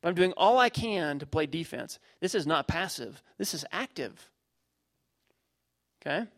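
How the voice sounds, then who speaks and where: A man's voice: on the high side, unhurried. Emphatic man preaching a sermon. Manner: emphatic, repeats phrases, lively preaching with everyday illustrations. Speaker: pastor.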